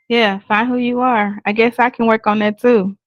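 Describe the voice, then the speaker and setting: Soft-spoken, high-voiced woman co-host. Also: animated, measured pace, no room sound. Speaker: podcast co-host. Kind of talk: casual chat.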